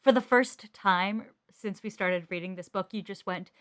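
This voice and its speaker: A woman's voice: mid-range voice, moderate pace, no room sound, clean studio sound. A woman co-hosting a casual book-club podcast, chatty and enthusiastic about the story. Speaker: podcast co-host.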